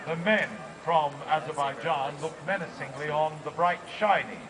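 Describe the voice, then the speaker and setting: A man's voice: fairly high pitch, normal speed. An Australian man giving jokey live commentary at an outdoor festival, punning and rousing the crowd over a PA. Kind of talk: comic live event commentary. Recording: loud crowd and outdoor noise. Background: cheering crowd.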